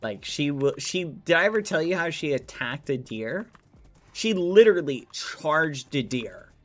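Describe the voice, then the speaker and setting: A man's voice: a little high, animated, a little slow, a bit bright, soft background music. A man streaming a game, chatting casually with his viewers and rambling through a story full of fillers, from his room at home. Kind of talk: casual gameplay stream chat.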